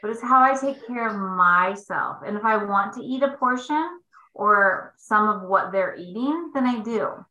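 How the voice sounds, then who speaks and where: Female host, coaching talk, bright and expressive, echoey room sound. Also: mid-range voice, a little slow. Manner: expressive, swings between emphatic and hushed asides. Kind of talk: faith-based coaching talk.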